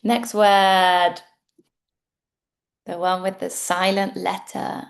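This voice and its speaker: A woman with a British accent teaching English pronunciation, saying words slowly and carefully for learners to repeat. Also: medium pitch, level tone, vocal fry. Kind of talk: pronunciation lesson.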